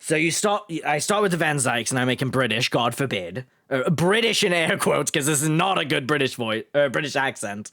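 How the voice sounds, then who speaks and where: A woman's voice: low voice, lively intonation, a little fast, hardly any pauses, a bit bright. A woman streaming a video game live, chatting casually with her viewers, laughing often and swearing freely. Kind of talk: casual live-stream commentary while playing.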